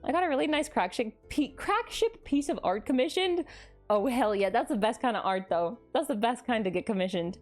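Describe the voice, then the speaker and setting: This young streamer chats casually and bubbles over with excitement at fan art, laughing all the while. She speaks a little high and at a brisk clip, over quiet background music.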